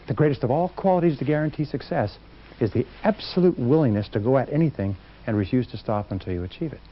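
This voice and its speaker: A man's voice: medium pitch, animated, fast talker. Emphatic male motivational speaker, lo-fi. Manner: emphatic, acts out quotes. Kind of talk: seminar talk to a live audience. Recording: dull lo-fi recording.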